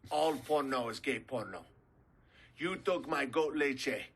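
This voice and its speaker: A man's voice: mid-range voice, slow, fairly bright tone, breathy edge, full character voice. A man doing a stern gang lord with broken English. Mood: menacing. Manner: menacing, broken English with Spanish words. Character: stern male goat-milking gang lord.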